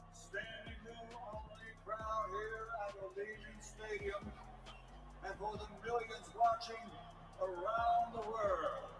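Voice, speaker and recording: A man announces a fight from the ring in a very high, slow, drawn-out, booming voice. He is heard from far off in a roomy arena. Loud music plays under him. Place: stadium arena.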